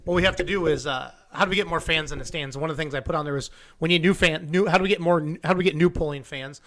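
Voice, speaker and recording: A middle-aged man hosting a casual live stream, excitable and goofy, often restarting his sentences. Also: on the high side, rapid-fire. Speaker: show host.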